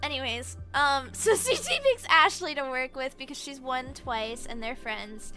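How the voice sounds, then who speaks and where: Excitable rambling streamer woman, high and bright. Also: a little slow, faint music behind. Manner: excitable rambling retelling, heavy use of "like". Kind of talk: casual chat.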